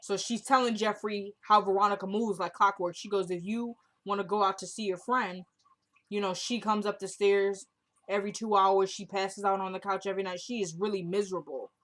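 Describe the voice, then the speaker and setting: A woman talks through a TV episode in a relaxed, chatty recap. Her voice sits at an ordinary middle pitch for a woman, and she keeps slipping into the characters' lines as she retells each scene. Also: brisk. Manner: chatty, laughs while recapping. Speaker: TV recap vlogger.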